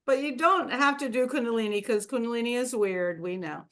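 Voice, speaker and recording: A woman's voice: a little high, a little fast, a bit bright. A woman hosting a wellness workshop, teaching a group in a chatty, meandering way. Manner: chatty, meandering, with fillers and laughs.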